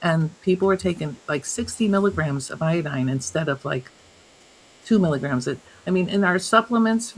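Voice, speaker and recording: A health coach appears as a guest in an interview, telling stories animatedly, laughing often and acting out what others said. Her voice sits low, and the recording is rough.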